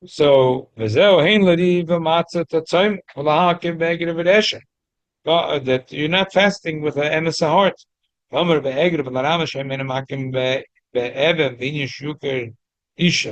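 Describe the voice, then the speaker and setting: A man teaching a weekly Torah class, mixing casual English explanation with rapid readings of Hebrew text. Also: fairly high pitch, dry recording, highs cut off.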